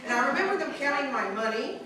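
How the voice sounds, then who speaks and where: A woman's voice: sits high, animated, fast, sharp tone. A woman telling a comic personal story in a chatty, rambling way, laughing as she goes, recorded far off in an echoey, noisy room. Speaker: storyteller at an improv show.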